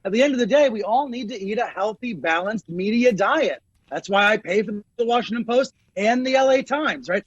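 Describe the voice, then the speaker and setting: A man's voice: high voice, animated, normal speed, husky, no echo. A man as a media commentator in a news clip, speaking in a polished, earnest way. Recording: muffled broadcast clip.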